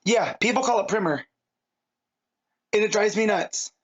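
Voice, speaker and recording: High-voiced, rambling, enthusiastic man. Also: fairly quick, a bit bright. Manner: rambling and enthusiastic, prone to tangents. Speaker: podcast co-host. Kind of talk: casual chat. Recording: slightly dull lo-fi audio.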